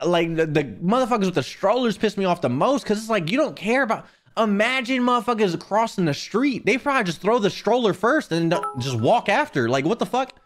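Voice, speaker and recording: A man streaming live, chatting casually with viewers and ranting in a profane, animated way. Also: sits high.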